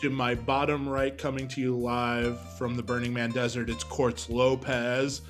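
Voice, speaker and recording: A man hosting a casual online show, giving his co-hosts and guest hype announcer-style introductions. His voice sits at an ordinary male pitch, with faint music behind him. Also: little pitch movement, normal speed. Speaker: podcast host.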